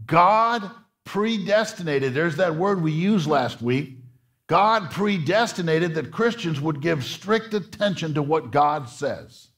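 A man's voice: expressive, slow, a bit bright. A male pastor preaching a sermon in a church, earnest, repeating his words and rising as he presses his points. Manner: earnest preaching, repeats words, rises in pitch when stirred. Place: church sanctuary.

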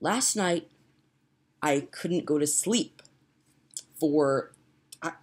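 A woman's voice: deep voice, very slow, darkish tone, husky. A young woman rambling in a casual home vlog, chatty and giggly, laughing at herself as she talks. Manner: chatty, giggly, self-mocking. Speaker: vlogger. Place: home, indoors.

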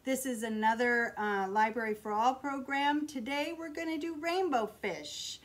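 A librarian reading a picture book aloud in an expressive, friendly storytelling manner, recorded at a public library. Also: female voice, sits high, measured pace, low-quality recording.

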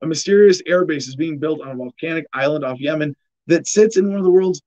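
A man's voice: fairly high pitch, fast, dark tone, poor audio. A man hosting a podcast, reading headlines and riffing on them sarcastically, with frequent restarts and laughs. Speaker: podcast host. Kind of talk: casual news commentary.

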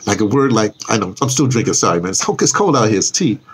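Broadcasting live outside in the cold, this older vlogger rambles, interrupts himself, and laughs softly at his own detours. He talks fast and with lots of animation in a lowish voice, with a little hiss or hum on the audio.

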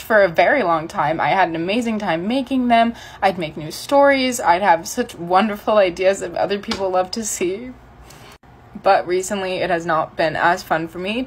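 A woman creator talks straight to her followers in an earnest, slightly halting way. Her voice sits at a middle pitch. A faint background noise runs under the recording. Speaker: short-video creator. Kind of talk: candid spoken announcement to followers.

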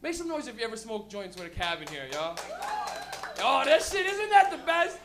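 A stand-up comedian doing a live set, rowdy and profane, breaking into loud shouted impressions. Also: medium pitch, very animated, normal speed, very noisy.

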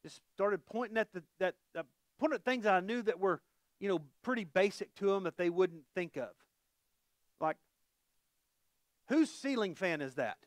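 Middle-aged guy preaching casual-like, pretty high voice, keeps quizzing folks. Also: normal speed, no room sound, studio quality. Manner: asks the congregation questions, folksy. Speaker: pastor. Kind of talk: conversational sermon.

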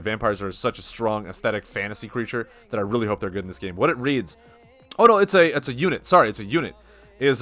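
A man's voice: mid-range voice, a bit bright. A young man chatting casually on a live stream as he opens card packs and reads the card names aloud.

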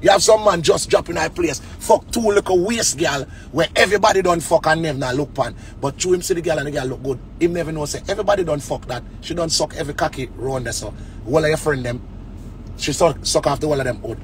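A man's voice: fairly high pitch, fast, slight background noise. A man with a Jamaican accent in a casual comic rant, mocking people and dropping into sneering quoted voices. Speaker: DJ ranting on a web show.

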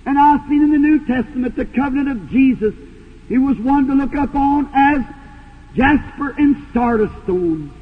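High-voiced fervent preacher man, old tape. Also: expressive, moderate pace. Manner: fervent, rises to shouts. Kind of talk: sermon storytelling. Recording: tinny old tape in a hall.

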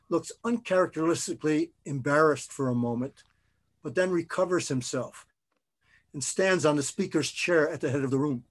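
A man, an author, reading his own novel aloud in a measured, expressive way. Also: a little high.

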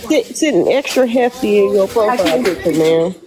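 A woman in casual chat, mocking and sharp-tongued. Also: mid-range voice, lively intonation, normal speed, a crowd in the background.

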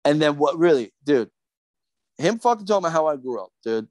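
A man's voice: a little high, very animated, a little fast, a little mellow, no echo. A middle-aged man from Philadelphia, a podcast guest ranting in a profane, agitated, rambling way with many restarts. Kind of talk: heated podcast rant.

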